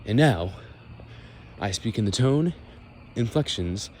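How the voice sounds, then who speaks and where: A man's voice: fairly low pitch, lively intonation, slow. A young American man chatting casually while walking outdoors, rambling and sarcastic, explaining things as he goes. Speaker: vlogger. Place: outdoors walking near a road. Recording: faint outdoor and traffic noise.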